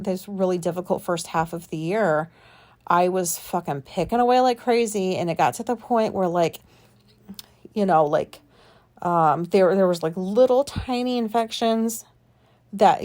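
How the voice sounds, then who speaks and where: A woman's voice: medium pitch, darkish tone. Rambling, swearing woman vlogger. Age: adult. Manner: rambling, swears freely, many filler words. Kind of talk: casual personal storytelling.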